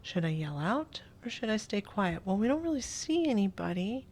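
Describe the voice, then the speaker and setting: A woman hosting a playthrough, reading a first-person interactive story aloud in a soft, often half-whispered voice and adding casual asides. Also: medium pitch, very animated, moderate pace, slight background noise.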